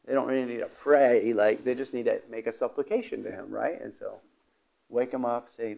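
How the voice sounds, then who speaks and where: A man preaching a sermon in a gravelly voice with some vocal fry. He talks haltingly, with restarts, fillers and throat-clearing, and his pitch sits in an ordinary middle range. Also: dark tone.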